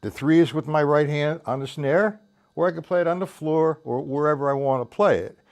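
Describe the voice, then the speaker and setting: On a live stream, a drum teacher who hasn't slept all night talks at a fairly quick clip in a voice on the high side. He rambles loosely and counts beats aloud while a drum kit plays.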